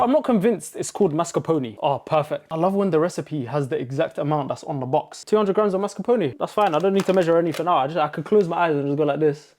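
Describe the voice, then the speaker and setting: Fast-talking jokey man. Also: on the high side, a little mellow. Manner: jokey, rambling asides. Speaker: baking vlogger. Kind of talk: casual cooking vlog. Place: kitchen.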